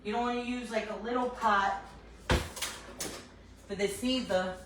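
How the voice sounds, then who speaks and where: An older woman with a New York accent talks slowly and easily while she cooks at home, laughing now and then. Her voice is picked up by a phone in an echoey kitchen, with faint noise behind. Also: fairly high pitch, fairly even intonation. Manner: chatty, laughs often, talks while cooking. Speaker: cooking livestream host. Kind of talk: casual cooking chat.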